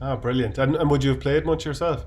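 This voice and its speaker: An Irish man hosting a casual interview, friendly and brisk as he asks questions and wraps up. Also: mid-range voice, steady tone, a little mellow, a little hiss or hum. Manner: friendly, brisk host wrap-up. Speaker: host.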